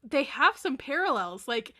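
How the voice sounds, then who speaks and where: A woman's voice: sits high, big pitch swings, normal speed, pushed and bright. A woman co-hosting a casual podcast, rambling and blunt, with some swearing. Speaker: podcast co-host.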